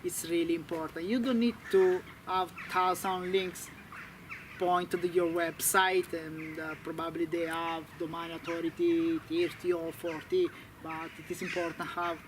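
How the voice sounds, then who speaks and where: A man with an Italian accent, a guest speaking halting non-native English with many fillers in a casual interview. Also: on the high side, level tone, noisy background. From Italy.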